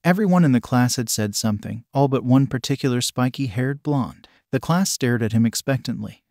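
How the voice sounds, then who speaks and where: Guy reading a fanfic out loud, steady, dry no-room sound. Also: medium pitch, a little fast, hardly any pauses, no room sound. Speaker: narrator. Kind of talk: reading a fan story aloud.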